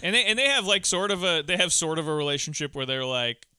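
A man co-hosting a casual film podcast, thinking aloud in halting, hedged sentences. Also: fairly high pitch, animated, bright, forceful tone, clean tone, no room sound. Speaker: podcast co-host.

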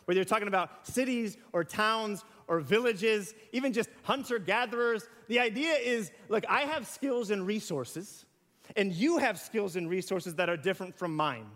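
High-pitched guy preaching, chatty, acting out little examples, big church echo. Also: normal speed, fairly bright tone. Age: young adult to middle-aged. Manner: conversational, with rhetorical questions and acted-out examples. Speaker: pastor. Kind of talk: sermon. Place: church sanctuary. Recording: hall reverb.

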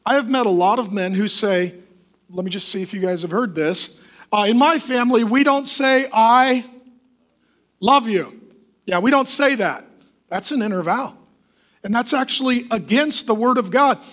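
A man preaching a sermon as a pastor, emphatic and lively, often acting out the voices of the people he quotes. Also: high voice, moderate pace.

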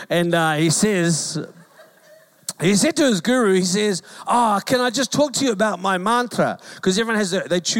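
A New man in his forties, a pastor giving a sermon in a conversational, joking way with emphatic repetition. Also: a little high.

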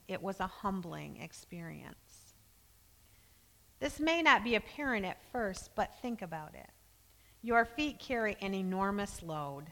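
A woman delivers a sermon with a bright, forceful voice, putting earnest emphasis on the scripture she reads aloud. Her voice trails off into the long reverb of a church hall. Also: mid-range voice. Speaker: preacher.

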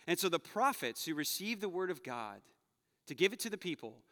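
Bright-voiced male pastor in reverberant hall. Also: high-pitched, very animated, fairly quick. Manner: conversational preaching, shifts between playful asides and hushed earnest passages. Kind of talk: sermon. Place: church sanctuary. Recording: long reverb of a church hall.

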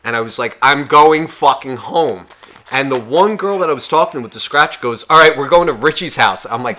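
A man's voice: mid-range voice, lively intonation, a little fast, bright, forceful tone. A young man casually telling a long, profanity-filled bar story on a podcast, acting out everyone's lines. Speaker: podcast co-host.

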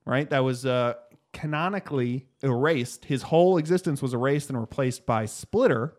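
A man co-hosting a casual podcast chat, joking and animated. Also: mid-range voice, normal speed. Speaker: podcast co-host.

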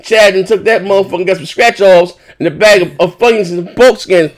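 A man's voice: sits high, a little fast. A man streaming live, telling rambling, profane stories to his subscribers in casual banter. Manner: profane, rambling storytelling with many fillers.

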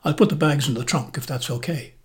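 A man's voice: fairly high pitch, brisk, lightly acted. A man narrating voices a polite Canadian husband in later middle age who offers to load the bags. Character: polite Canadian husband, not quite elderly.

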